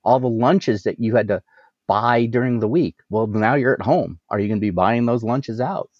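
A man giving energetic business advice as a coach, asking rhetorical questions and laughing at himself. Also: medium pitch, moderate pace, dry recording, highs cut off. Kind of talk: casual business interview.

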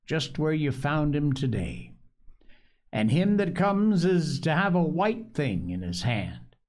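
A cunning, anxious old castaway pirate, put on by a male reader, rambling in a wheedling, rustic way. His pitch rises and dips in lively swings, and he takes his time over every phrase. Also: takes it slowly.

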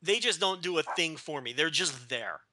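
A man's voice: a little high, lively intonation, normal speed, sharp tone, a little hiss or hum. A man from Texas co-hosting a wrestling podcast, joking and teasing in casual rambling chat. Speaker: podcast co-host.

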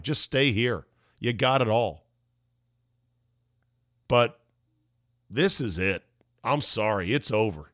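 A man hosting a podcast, delivering an emphatic, ranting opinion monologue with sarcastic asides, his voice going hoarse. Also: medium pitch, a bit bright, dry recording, studio quality. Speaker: podcast host.

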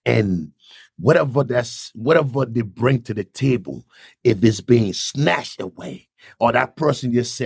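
A man with a gravelly, husky voice tells his own story like a sermon. He swings between low, quiet prayer and loud, shouted speech. The sound is dry and close. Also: expressive, a little slow, no echo. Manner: preaching testimony, acting out quoted voices, swings to loud shouting. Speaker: podcast host. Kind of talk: impassioned faith podcast talk.

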